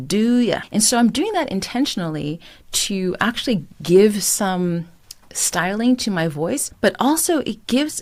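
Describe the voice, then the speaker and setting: A woman vocal coach walks through a song line by line, her speaking voice lively and full of pitch movement. She keeps an encouraging tone and breaks off to sing short phrases as examples. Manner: encouraging, demonstrates phrases by singing them. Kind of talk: singing lesson with sung examples.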